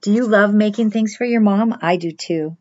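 A middle-aged woman, a children's pastor, giving a chatty crafts lesson and speaking straight to the children in a gentle way. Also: medium pitch, moderate pace, dry recording, lo-fi sound.

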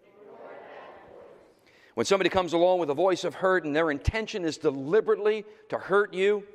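A middle-aged male pastor preaching a sermon, swinging between loud exhortation and quiet, intimate asides. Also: sits high, a little fast. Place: church sanctuary. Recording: long hall reverb in a church sanctuary.

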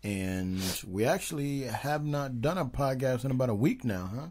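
A man's voice: mid-range voice, expressive, moderate pace, a little mellow. A man co-hosting a casual podcast, rambling with many ums and teasing his partner. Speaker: podcast co-host.

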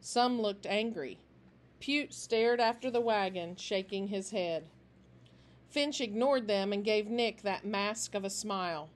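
A woman reading a children's novel aloud in a steady, expressive way. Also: mid-range voice, slow. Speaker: storybook reader.

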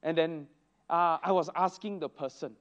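A man teaching a church Sunday school lesson, telling stories with lively exclamations. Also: on the high side, normal speed. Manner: animated storytelling with exclamations. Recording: dull lo-fi recording.

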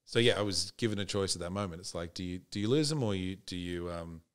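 Australian man, very deep voice, laid-back storytelling, casual swearing. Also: quick pace, smooth. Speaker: podcast guest.

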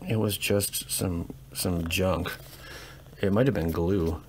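Excitable low-voiced male YouTuber, muttering and cursing at his pulls, crinkly packaging noise throughout. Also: slow pace. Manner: excitable, grumbling, swears and mutters to himself. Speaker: card-opening YouTuber. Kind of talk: casual pack-opening commentary.

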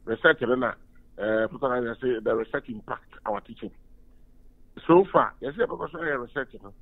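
A man's voice: medium pitch, moderate pace. A Ghanaian university lecturer and union official giving an emphatic phone-in radio interview, switching between Twi and English. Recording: tinny phone line.

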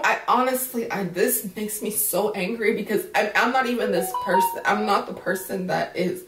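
A woman's voice: medium pitch, moderate pace, hardly any pauses, fairly bright tone. A woman vlogger in casual commentary, outspoken and indignant, swearing freely. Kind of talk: casual commentary on a news story. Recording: roomy echo, voice from a distance.

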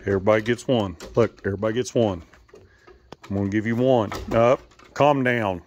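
A man's voice: lowish voice, steady tone, fast, a little mellow, muffled recording, slight background noise. A man talking casually to his animals as he feeds and grooms them, coaxing and scolding them in short commands.

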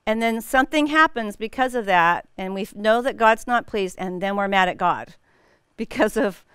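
Middle-aged woman, Bible study teacher, casual and laughing, smooth clear voice, dry close mic. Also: medium pitch, moderate pace, no echo. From United States. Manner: animated storytelling with frequent laughs.

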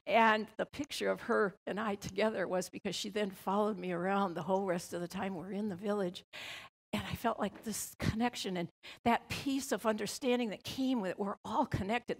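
Older woman, gravelly voice with some fry, earnest and reflective storyteller at a conference panel. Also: mid-range voice, fairly even intonation, normal speed. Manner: earnest, reflective, with soft laughs. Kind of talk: personal storytelling talk.

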